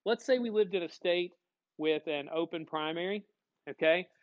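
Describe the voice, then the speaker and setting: Animated male teacher, muffled classroom recording. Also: high-pitched, moderate pace. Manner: animated, acts out little dialogues. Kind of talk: classroom lecture.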